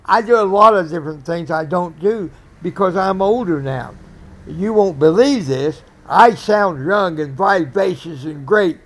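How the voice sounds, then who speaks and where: An earnest man in his eighties hosts a podcast, telling stories in a casual, rambling monologue and often correcting himself. His voice is high-pitched with lively intonation, and he speaks at a measured pace.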